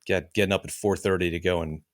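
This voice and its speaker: A man's voice: low-pitched, steady tone, fast. A tired middle-aged man hosting a podcast, chatting in a rambling, easygoing way. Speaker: podcast host. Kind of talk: casual chat.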